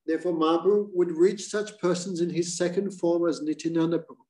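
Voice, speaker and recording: Man, spiritual teacher, devotional storytelling class, slightly high voice, animated narration. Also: brisk, poor audio. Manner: animated storyteller who voices quoted lines.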